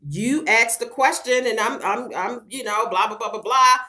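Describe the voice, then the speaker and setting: Her voice sits a little high, bright and forceful, moving at an ordinary speed. It's a middle-aged woman's casual vlog chat to camera, full of laughter and lots of swearing, as she speaks frankly and directly to viewers, calling them "girl."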